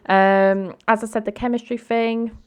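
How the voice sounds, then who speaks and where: A woman's voice: fairly high pitch, steady tone, measured pace, smooth. A woman chatting casually over a life-sim game she is playing, with lots of ums and a chatty manner. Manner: chatty, filler-heavy. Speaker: let's play host. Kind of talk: casual gameplay commentary.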